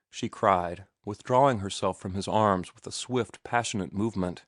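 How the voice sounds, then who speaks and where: A man reading a novel aloud as narrator, calm and measured. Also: on the low side, no echo, studio quality. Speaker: audiobook narrator. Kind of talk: scripted narration.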